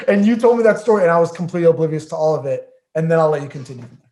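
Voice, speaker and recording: Slightly high-voiced man, lively storyteller. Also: racing. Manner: lively storytelling, laughs often, drops to quiet asides. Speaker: podcast guest. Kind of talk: casual chat.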